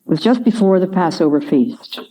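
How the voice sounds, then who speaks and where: An older woman giving a devotional talk, telling stories in a measured, earnest way. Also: fairly low pitch, animated, warm tone. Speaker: Christian speaker. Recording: dull lo-fi recording.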